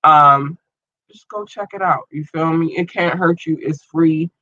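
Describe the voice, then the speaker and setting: A man hosting a podcast and online radio show, rambling casually and slangily through listener shout-outs while his eye is irritated and tearing up. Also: on the high side, a little slow, no echo, dull audio. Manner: loose, rambling, slangy, repeats himself.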